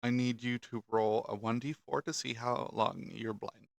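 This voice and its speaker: A man's voice: medium pitch, steady tone, moderate pace, creaky, no echo. A man running a tabletop game as game master, laid-back and chuckling often.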